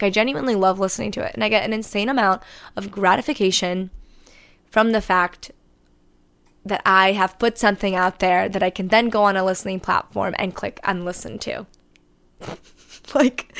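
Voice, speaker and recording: A woman with a mid-pitched voice talks alone into her podcast mic, unscripted and confessional. She rambles, stops to correct herself, and swears casually as she thinks aloud. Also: vocal fry, fairly bright tone. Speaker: podcast host. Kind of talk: unscripted solo podcast monologue.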